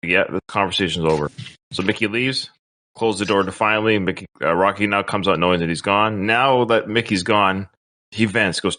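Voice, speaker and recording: A man's voice: fairly low pitch, brisk, pushed and bright. A man hosting a podcast, recapping film scenes in casual chat and acting out quotes. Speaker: podcast host.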